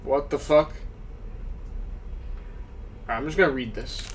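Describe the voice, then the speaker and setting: A man giving let's-play commentary on a horror game, with loud, swearing reactions to scares. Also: medium pitch, a little slow, long pauses, recorded from a distance, a little hiss or hum. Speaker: gaming YouTuber.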